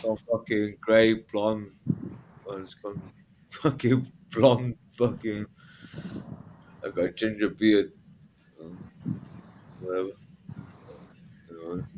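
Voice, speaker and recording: A man's voice: fairly low pitch, slight background noise, rough recording. A man in a casual online group chat who swears constantly, rambles and trails off. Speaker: chat participant.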